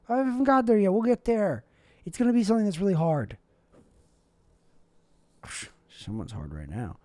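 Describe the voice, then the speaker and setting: A young man delivering a rambling, deadpan comedic monologue with absurd asides, as a vlogger. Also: fairly high pitch, dry recording.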